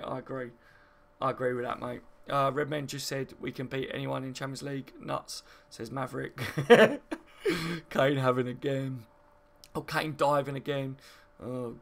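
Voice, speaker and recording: A man's voice: mid-range voice, gravelly, a bit bright. A man, hosting a live football stream and chatting matily with viewers as he reads the chat. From Kent, England. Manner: chatty and matey, laughs often, calls viewers mate. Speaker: football channel host. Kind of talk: live stream chat reading and match reaction.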